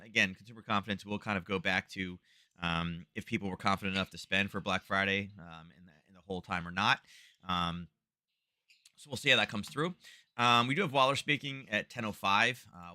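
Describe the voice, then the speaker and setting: A man with a lowish, bright, forceful voice runs a live trading stream. His talk rambles and is full of fillers, with an easygoing, unscripted flow. The sound is dry and close. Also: no echo. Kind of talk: casual live market commentary.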